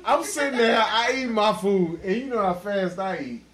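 A man hosting a casual podcast, loudly telling a drunk, profane story full of laughter. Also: high voice, animated, normal speed, a crowd in the background. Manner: loud, profane, laughing, acts out quotes. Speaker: podcast host.

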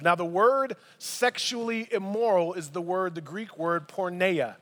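Man, pastor, animated sermon, high-pitched, echoing church hall. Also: measured pace, few pauses. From United States. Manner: animated, conversational preaching with asides.

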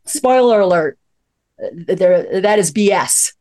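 Animated woman psychologist hosting a talk show. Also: mid-range voice, takes it slowly. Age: 50s. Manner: animated, chuckling, storytelling. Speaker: host, psychologist. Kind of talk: radio talk show chat.

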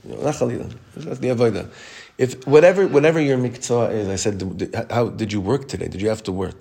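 A man teaching a Torah class as rabbi, reading text quickly and explaining it in chatty English. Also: medium pitch, gravelly, breathy edge. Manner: reads Hebrew text fast, then explains it in relaxed English; chatty, with frequent restarts.

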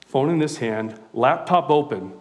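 A middle-aged pastor from California preaches in a conversational, animated way, weaving in stories from his own life. His pitch is medium and his pace measured.

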